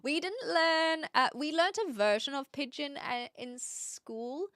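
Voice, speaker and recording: A woman's voice: sits high, slow, a bit bright, no room sound, clean studio sound. A young woman from New Zealand with a Kiwi accent, chatting casually with her live-stream viewers and reading out their comments, with lots of fillers. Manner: chatty, reads chat aloud, many fillers.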